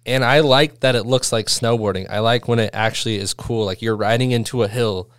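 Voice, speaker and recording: A man's voice: medium pitch, brisk, clean tone, no echo, clean studio sound. A man hosting a podcast, chatting casually, rambling with restarts and laughing often. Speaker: podcast host. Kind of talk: casual chat.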